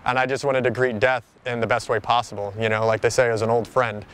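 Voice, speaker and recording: A man's voice: mid-range voice, flat delivery, fast, a bit bright, clean tone. A man being interviewed outdoors, telling a personal story in a rambling, casual way, full of "like" and "you know".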